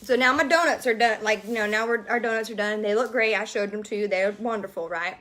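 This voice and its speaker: A young woman telling a story casually to her viewers, animated and exasperated as she vents. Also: medium pitch, fast. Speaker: vlogger.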